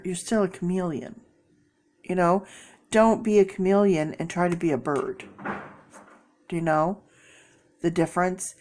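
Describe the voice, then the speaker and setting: A woman's voice: fairly low pitch, a little mellow. A woman doing a casual tarot reading in a chatty, encouraging, rambling way, her voice sick and sniffly. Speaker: tarot reader.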